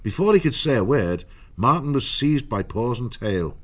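A man reading an audiobook in a measured storytelling manner. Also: mid-range voice, very animated, husky, lo-fi sound. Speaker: narrator. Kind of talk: audiobook narration.

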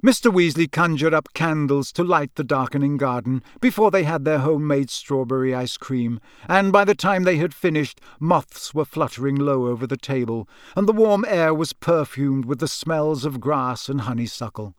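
A man reading audiobook narration in an even, measured way. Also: a little high, no room sound, studio quality. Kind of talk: scripted narration.

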